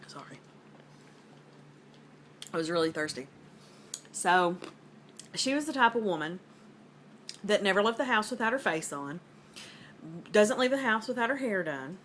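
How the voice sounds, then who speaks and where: A woman's voice: medium pitch, animated, measured pace, long pauses, fairly bright tone, slight background noise. A woman in her thirties with a Southern US accent, rambling casually to the camera at home. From American South. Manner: rambling, filler-heavy, conversational. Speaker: vlogger.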